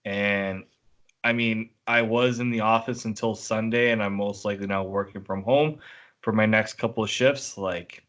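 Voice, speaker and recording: A man talking sports on a podcast, rambling and filling pauses with "like". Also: fairly low pitch, steady tone, fairly bright tone. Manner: rambling, heavy use of "like". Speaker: podcast co-host and sports reporter. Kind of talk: casual chat.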